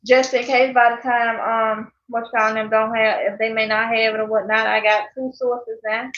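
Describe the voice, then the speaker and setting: A woman's voice: fairly high pitch, little pitch movement, moderate pace, a bit bright. A woman chatting casually on a live stream as a channel host. She laughs often and reads out viewer comments. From Mississippi. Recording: echoey, dull lo-fi sound.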